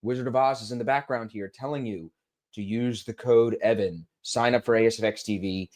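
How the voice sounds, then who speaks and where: A young man co-hosting a casual chat, telling self-mocking stories and rattling off quick promo patter. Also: mid-range voice, fairly even intonation, darkish tone. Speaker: co-host. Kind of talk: casual chat, plugging a stream.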